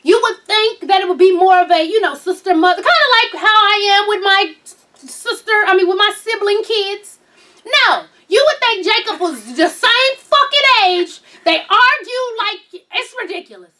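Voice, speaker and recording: Woman vlog host in her thirties: high, bright, brash and profane, a bit distant from the mic. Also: normal speed. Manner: loud, profane, laughing storyteller. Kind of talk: casual storytelling chat.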